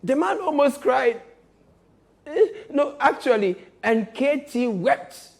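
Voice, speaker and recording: High-voiced, slow, joking man. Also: lively intonation. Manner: playful, laughs often, mock shouting. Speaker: satire show host. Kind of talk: comic satirical commentary.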